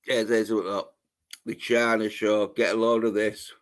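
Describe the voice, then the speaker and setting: A man's voice: on the low side, little pitch movement, normal speed. A man hosting a casual livestream chat, swearing freely and reading out viewer comments. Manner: crude, swears freely, reads chat aloud. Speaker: livestream host.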